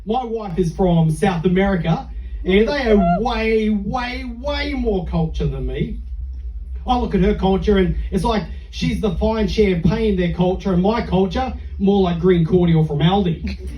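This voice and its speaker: A man's voice: high voice, unhurried, lo-fi sound. A middle-aged Australian man doing a stand-up comedy set on a club stage, telling self-mocking stories in a dry way. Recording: echoey club from far off.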